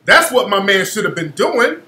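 A man's voice: sits high, sing-song, moderate pace, bright, forceful tone, roomy sound. A male radio host giving opinionated commentary, blunt and profane, repeating phrases for emphasis.

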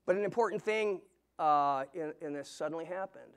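A middle-aged man with a notably high voice shares his testimony from the pulpit of a church. He tells the story earnestly, stumbling over and restarting words as he goes. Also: normal speed, clear, resonant tone. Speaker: guest preacher giving testimony. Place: church sanctuary.

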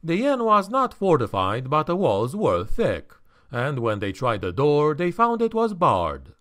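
Guy narrating a fantasy audiobook, slow and measured, lots of pitch movement. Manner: measured, expressive storytelling.

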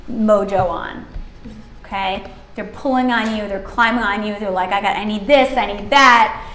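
A woman's voice: a little high, fairly bright tone, echoey room. A woman sleep consultant teaching a workshop, chatty and emphatic, acting out babies and parents as she explains.

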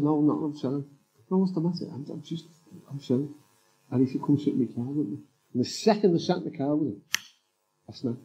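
A man's voice: mid-range voice, dark tone, husky, lo-fi sound. A man, a writer and former police officer, speaking as a guest in a live on-stage interview, telling candid, rambling stories full of "you know"s. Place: live summit stage before an audience.

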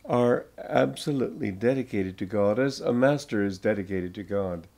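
A man's voice: on the low side, darkish tone. An older American man, a spiritual teacher, giving an informal talk to an audience, telling stories and laughing often as he goes. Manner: slow, chuckling storyteller.

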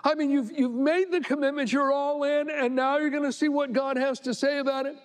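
A male pastor delivers a sermon in a strikingly high voice, reading scripture and then retelling it in a loose, conversational way. He pushes into sharp, emphatic indignation when he argues a point. His voice rings out with a long reverb, as if from a big hall. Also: fairly even intonation, fairly quick.

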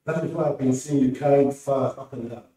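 A man voicing an angry, threatening male neighbor who shouts threats. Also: mid-range voice, fairly even intonation, fast, natural voice. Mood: furious. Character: furious threatening male neighbor, quick to anger. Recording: roomy hall from far off.

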